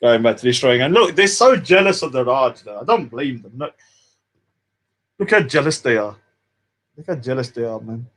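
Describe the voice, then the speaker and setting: A man's voice: medium pitch, expressive, normal speed, pauses often, fairly bright tone. A man who hosts a live stream, ranting in a scornful tone and tagging many lines with "yeah?". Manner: scornful, repeats "yeah?" often. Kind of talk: heated live-stream rant.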